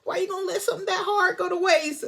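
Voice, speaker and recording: A woman's voice: very high voice, steady tone, fast talker, fairly bright tone, pitched above the performer's own voice. Woman doing a flustered, pleading movie woman. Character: flustered, forward woman character in panic.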